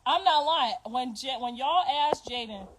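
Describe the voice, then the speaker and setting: Animated storytelling woman, high voice. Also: unhurried, noisy background. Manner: loud, animated storytelling, swearing freely. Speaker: podcast host. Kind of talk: casual storytelling.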